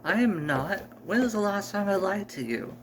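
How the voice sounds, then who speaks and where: A man's voice: high voice, lively intonation, normal speed, a little hiss or hum, voice pushed up. A man voicing a defensive eighteen-year-old younger sister who protests and denies everything. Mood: indignant. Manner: protesting, indignant denials.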